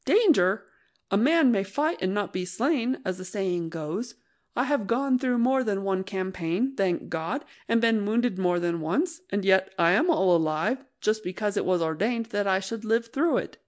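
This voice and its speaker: A woman reading an audiobook, voicing a blustering old male general who talks in a gruff, boastful, scornful way. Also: mid-range voice, animated, measured pace, lightly acted. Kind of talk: audiobook narration.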